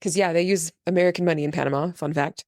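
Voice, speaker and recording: A woman in her thirties hosting a podcast, telling a story in a relaxed, animated way and laughing often. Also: fairly low pitch, fast talker, dry recording, studio quality. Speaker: podcast host. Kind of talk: casual storytelling chat.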